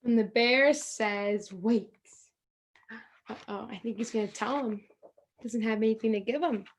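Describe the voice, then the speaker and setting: A woman's voice: fairly high pitch, a little hiss or hum. A woman reading a picture book aloud to children over a video call, acting out the lines and adding asides about the pictures. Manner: slow, expressive read-aloud with pointing asides. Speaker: storytime reader.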